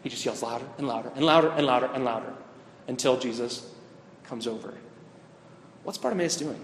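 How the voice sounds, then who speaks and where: A man's voice: mid-range voice, a little fast, slight background noise. A man preaching a sermon. He asks the listeners questions and repeats his main points. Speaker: pastor or Bible teacher. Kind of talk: interactive sermon. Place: teaching room or church hall with a board. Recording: echoey hall with long reverb.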